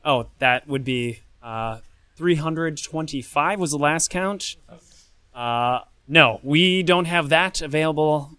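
A man's voice: on the high side, slow, bright, forceful tone, smooth, no room sound. A man who is a game publisher, chatting upbeat and casual as a guest on a live podcast panel. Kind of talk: casual chat.

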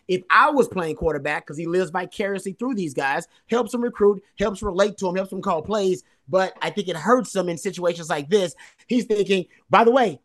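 A man's voice: high-pitched, fairly quick, fairly bright tone. A man co-hosting a sports podcast, analyzing a football game in casual talk and stressing points by repeating phrases. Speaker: co-host.

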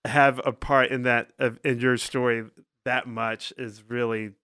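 A male podcast co-host chats with a guest, effusive in his praise and quick to laugh. His voice sits in a middle pitch. The sound is dry and close. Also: level tone, pushed and bright, clean tone, no room sound. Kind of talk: casual podcast chat.

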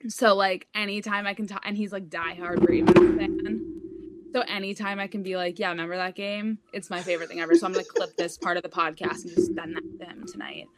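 A woman's voice: medium pitch, fairly even intonation, brisk, very noisy. A young woman co-hosting a casual sports podcast, telling a family story in a chatty way. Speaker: podcast co-host.

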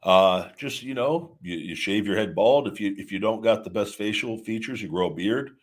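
Speaking at a moderate pace in a fairly low pitch, a man reads viewer super chats during a live show. His talk is relaxed yet forceful, with plenty of false starts.

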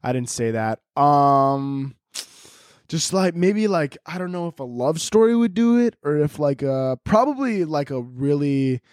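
A man's voice: fairly high pitch, animated, unhurried, a little mellow, no echo, studio quality. A young man hosting a solo podcast, rambling crudely and laughing at his own jokes while lying on pillows at home. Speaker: podcast host. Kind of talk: casual solo podcast rant. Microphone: headphones and podcast mic.

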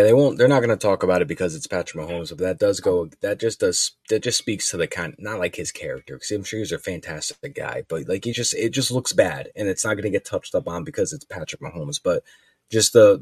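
A man hosting a casual sports podcast, relaxed and steering the talk between segments. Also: low-pitched, brisk, breathy edge, dry recording, studio quality. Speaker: podcast host.

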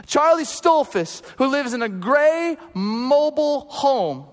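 Pastor voicing an impassioned man praying loud, high and fervent, big hall echo. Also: very animated, slow pace, heavily acted. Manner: shouting, impassioned. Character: fervent man praying loudly over someone.

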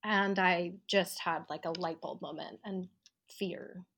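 Her fairly low voice moves at a slow pace as this actor and writer, interviewed at home in her living room for a podcast, shares a personal story. She's reflective, bringing the quoted people to life with lively rising voices.

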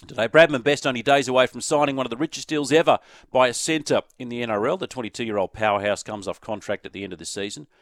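An Australian man hosting sports talk radio, chatting quickly and inviting listeners to send in texts. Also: mid-range voice, no echo, studio quality. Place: radio studio. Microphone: studio microphone.

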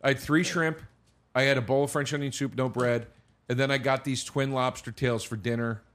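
A man's voice: mid-range voice, steady tone, brisk, fairly bright tone. Swearing storyteller man, casual chat. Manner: storytelling, acting out dialogue, swears. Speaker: guest comedian.

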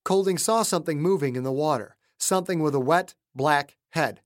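A man's voice: a little high, fairly quick, no room sound, studio quality. Male narrator, dramatic audiobook reading. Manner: dramatic, shifting between hushed and shouted voices. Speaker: author and narrator.

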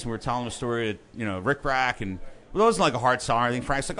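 A man's voice: mid-range voice, racing. A man on a podcast telling a rowdy, profane story in a casual chat, acting out what people said. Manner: animated, profane anecdotes with quoted voices. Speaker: podcast guest, band member.

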